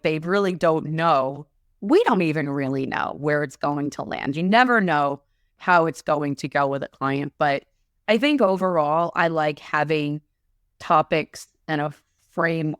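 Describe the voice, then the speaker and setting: Woman coach, middle-aged, podcast co-host. Low, smooth voice, dry close sound. Animated, quick to act out clients. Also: no room sound. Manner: animated, acts out clients and salespeople in quick asides. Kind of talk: conversational podcast discussion.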